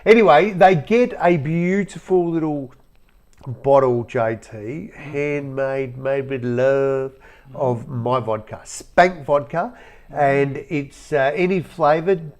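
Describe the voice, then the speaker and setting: Middle-aged Aussie co-host, gravelly voice, blunt cheeky banter. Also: male voice, a little high, takes it slowly, darkish tone. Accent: Australian. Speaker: podcast co-host. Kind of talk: casual podcast chat.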